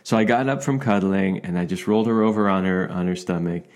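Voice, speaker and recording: A man co-hosting a relationship podcast, telling a personal story in a casual, animated way and laughing often. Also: sits low, fast talker. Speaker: podcast co-host.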